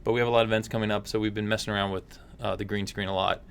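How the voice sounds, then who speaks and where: Chatty low-voiced male stream host. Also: little pitch movement, very fast, creaky, clean tone. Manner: chatty, upbeat, lots of fillers. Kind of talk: casual livestream chat.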